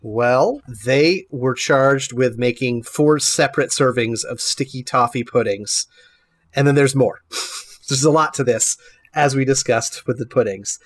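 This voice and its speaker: A man's voice: mid-range voice, a little slow, dry recording. Chatty male podcast co-host, dry sound. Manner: relaxed, chatty, laughs while talking. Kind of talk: casual chat recapping a TV show.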